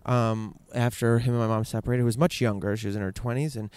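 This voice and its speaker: Man, candid storytelling, rambling, swears a lot, lots of ums and restarts, mid-pitched voice. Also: steady tone, fast talker, a little mellow, clear, resonant tone, no room sound. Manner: rambling, profane, full of fillers and restarts.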